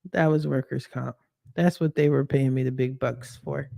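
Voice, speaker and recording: A woman's voice: very deep voice, gravelly, dark tone, no room sound, clean studio sound. A woman hosting a podcast, telling a story casually and animatedly, with slang and swearing. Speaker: podcast host.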